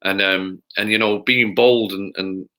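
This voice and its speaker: A man from Manchester talks as a podcast guest. His voice is very bright and sharp, and he rambles candidly, doubling back on words and acting out what others said to him. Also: fairly low pitch, fairly even intonation, unhurried. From Manchester, England. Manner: rambling, repeats words, acts out quotes. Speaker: podcast guest, personal trainer. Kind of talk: candid storytelling.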